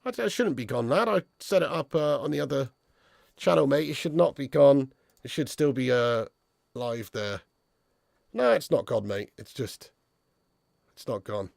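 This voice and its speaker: Blunt, sweary live-stream host. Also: male voice, mid-range voice, animated, normal speed, gravelly, pauses often, darkish tone, no room sound, studio quality. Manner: blunt, sweary, reads chat comments aloud. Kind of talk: casual live stream chat.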